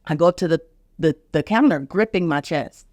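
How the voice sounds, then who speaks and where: A woman's voice: sits low, a little fast, darkish tone, no room sound. A middle-aged woman physician hosting a podcast, earnestly and emotionally telling a vivid personal story and acting out the other people's voices. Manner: vivid, emphatic retelling, acting out each voice.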